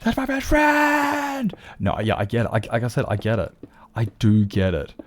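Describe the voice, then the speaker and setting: A man's voice: lowish voice, fairly quick, darkish tone. A male livestreamer in casual chat with viewers, rambling and candid, swearing freely as he talks.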